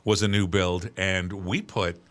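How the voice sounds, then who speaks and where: Middle-aged male podcast co-host, low bright voice, animated storyteller, casual chat. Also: a little slow. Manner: animated storyteller, laughs while talking.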